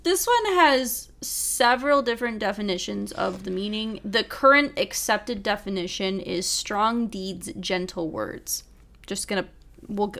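A woman reads through a long list at an unhurried, careful pace, her voice sitting in an ordinary middle register. She takes each item deliberately, sometimes tripping over unfamiliar foreign words and apologizing with a laugh. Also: mid-range voice, creaky, a bit bright. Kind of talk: casual reading of a list.

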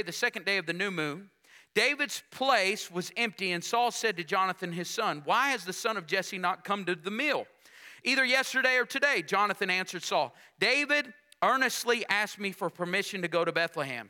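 Male preacher, high and very bright tone, call-and-response sermon with dramatic scripture reading. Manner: call-and-response preaching, rhetorical questions to the congregation; reads scripture aloud with dramatic emphasis.

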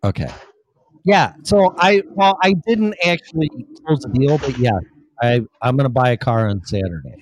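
A man hosting a loose, casual podcast, swearing freely and rambling as he fiddles with his equipment. His pitch sits mid-range, and the sound is dry with no room echo. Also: expressive, normal speed. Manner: profane, rambling, distracted by equipment. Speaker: podcast host. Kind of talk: casual chat.

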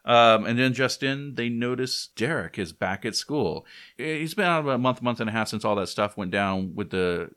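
A man's voice: medium pitch, expressive, normal speed, a bit bright, clean tone. A man in casual chat, recapping a comic and briefly acting out the characters' lines. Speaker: podcast co-host recapping a comic.

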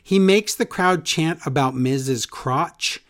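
A man's voice: a little high, slow pace, fairly bright tone. A man co-hosting a casual podcast, sarcastic and exasperated, with mocking impressions. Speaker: podcast co-host. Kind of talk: casual chat recapping wrestling.

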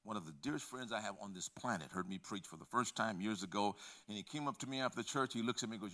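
An older pastor preaches a sermon, moving between hushed, low passages and loud, emphatic bursts while acting out conversations from his stories. His delivery is expressive and racing, with few pauses.

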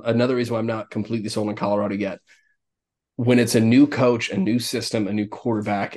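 A man's voice: fairly low pitch, a little mellow. A man co-hosting a sports podcast, giving opinionated, rambling takes in casual chat and often laughing. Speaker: podcast co-host.

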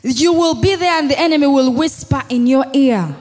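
High-voiced woman preaching, shouting in a reverberant hall. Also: normal speed, few pauses. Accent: Ugandan English. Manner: preaching with call-and-response and shouted declarations. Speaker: pastor. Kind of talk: sermon. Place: church hall. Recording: long reverb in a large hall with music.

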